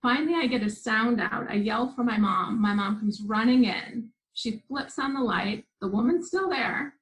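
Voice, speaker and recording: A woman's voice: fairly high pitch, moderate pace, rough recording. A woman guest telling a personal story in an interview, earnest and vivid, with frequent restarts. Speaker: guest, spiritual teacher.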